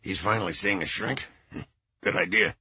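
A man voicing a sardonic old music producer with a low, congested voice, on a slightly dull recording. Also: normal speed, sharp tone, breathy edge, no echo, heavily acted. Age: older. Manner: sardonic, scornful.

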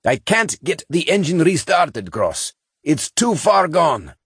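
Guy doing old gruff engineer on a scratchy intercom, way higher than his normal voice. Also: sing-song, takes it slowly, a bit bright, dry recording, clean studio sound, heavily acted. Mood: strained. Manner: weary, wry. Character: old gruff male ship's chief engineer.

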